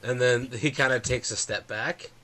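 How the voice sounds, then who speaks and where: A man's voice: mid-range voice, moderate pace, pushed and bright. A man narrating as game master of a tabletop game, rambling with fillers.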